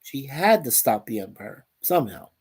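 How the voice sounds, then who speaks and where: A man's voice: medium pitch, very animated, moderate pace, darkish tone, slightly rough. Casual live stream host, a man with a middle-range voice, rambling and upbeat, reading viewer chat aloud. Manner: upbeat and easily delighted.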